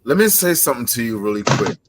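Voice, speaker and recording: A man, a pro wrestler, cutting a measured, emphatic, confrontational promo at a rival. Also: mid-range voice, big pitch swings, noisy background.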